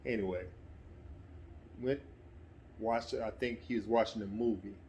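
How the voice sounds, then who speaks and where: A middle-aged man telling a personal story in a relaxed, conversational way, sometimes getting animated. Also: fairly low pitch, a little slow, a little hiss or hum. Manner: relaxed, conversational, breaks into animated quoted voices. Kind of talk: casual spoken anecdote.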